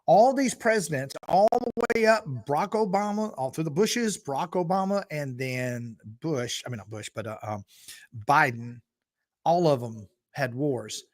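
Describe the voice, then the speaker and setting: A man speaks in an unscripted political monologue, punching his key points louder between stretches of ums and restarts. His voice sits somewhat high for a man. The sound is dry and close, with no room echo. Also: expressive, a little slow. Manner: emphatic, many fillers and restarts, swells in volume on key points. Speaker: preacher giving political commentary.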